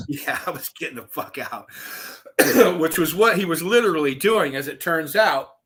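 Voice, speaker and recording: A man telling his own story as a guest over a video call, profane and animated, chuckling as he goes. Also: a little high, moderate pace, husky. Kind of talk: casual storytelling.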